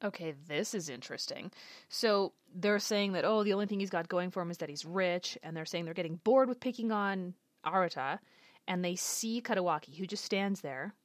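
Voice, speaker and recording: A woman's voice: fairly low pitch, moderate pace, dry recording, clean studio sound. A woman giving casual reaction commentary on an anime episode, thinking aloud and guessing what comes next. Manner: chatty, speculative, thinking aloud.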